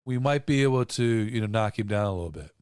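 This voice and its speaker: A man co-hosting a podcast in casual chat, cracking deadpan jokes and spinning silly made-up sales pitches. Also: fast, clear, resonant tone, dry recording, studio quality. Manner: deadpan joking, tall-tale sales pitches. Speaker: podcast co-host.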